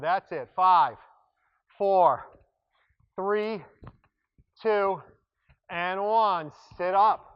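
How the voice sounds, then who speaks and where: A man's voice: sits high, extremely slow, pauses often, clear, resonant tone, highs cut off. A man coaching a workout class as its instructor, upbeat and joking, breaking off mid-sentence now and then. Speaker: fitness instructor. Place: exercise room.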